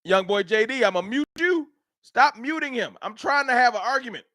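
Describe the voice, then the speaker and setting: High-voiced dude roasting his chat on a stream, real animated, dry sound. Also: fairly quick, no echo. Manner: trash-talking, animated, reads chat aloud. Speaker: livestream host. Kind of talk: casual livestream sports banter.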